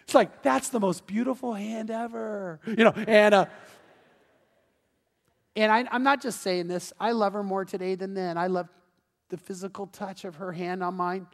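A man's voice: high-pitched, fairly even intonation, normal speed, creaky. A middle-aged male pastor preaching a sermon in an earnest, heartfelt way, telling stories and acting them out. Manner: storytelling, acting out voices in anecdotes. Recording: long reverb of a church hall.

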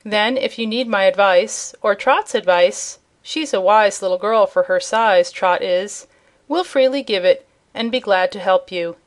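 A woman's voice: mid-range voice, unhurried, lightly acted. A woman voicing a jolly, kindly old male sailor who talks in a rustic dialect with dropped letters, read as an audiobook character.

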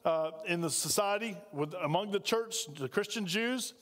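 A male pastor with a high, fairly bright voice delivers a sermon at normal speed in a church sanctuary, his words echoing through the reverberant hall. His preaching is conversational, and he puts questions to the congregation.

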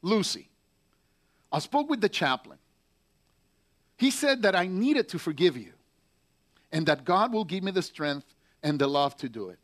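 Man reading a bitter, grieving young Marine in a letter home, pained and halting, voice on the high side. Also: sing-song. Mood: anguished. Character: angry, heartbroken young male Marine writing home. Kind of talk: letter read aloud in a sermon.

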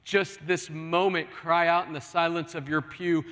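A man's voice: fairly high pitch, level tone, unhurried, a bit bright. A man preaching a sermon as pastor, earnest and pleading with his congregation in a large church. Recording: long hall reverb.

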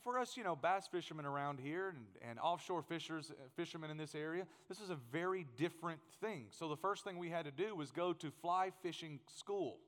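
A man preaching a sermon, telling a funny story in an animated way and acting out the scenes. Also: a little high. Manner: animated, humorous, acts out scenes. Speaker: pastor. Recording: long hall reverb.

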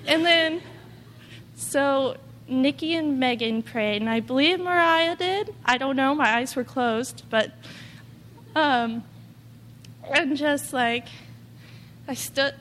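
A woman's voice: high voice, fairly bright tone, big-room sound, slight background noise. A woman giving an earnest, rambling personal testimony, full of "like" and quoted asides. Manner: earnest, rambling, heavy use of "like". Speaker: testimony speaker.

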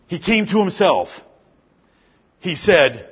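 High-voiced, husky male preacher. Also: lively intonation, normal speed, lo-fi sound. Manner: fervent, emphatic repetition. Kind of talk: sermon.

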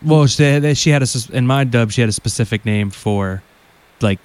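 A man co-hosting a casual anime discussion podcast, wisecracking in quick bursts. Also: mid-range voice, clean tone. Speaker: podcast co-host.

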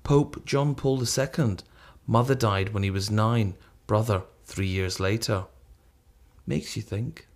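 A man's voice: fairly low pitch, measured pace. A man presenting on radio, reading out a listener comment with a dry, wry delivery.

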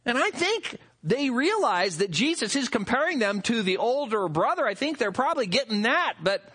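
A male pastor preaching a sermon, reading scripture and explaining it in an animated, conversational way with rhetorical asides. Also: very high-pitched, slightly rough.

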